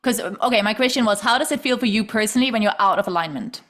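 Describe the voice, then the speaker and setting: A woman hosting a relaxed interview chat, animated and laughing easily as she acts out what people said. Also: medium pitch, very fast. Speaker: podcast host and yoga teacher.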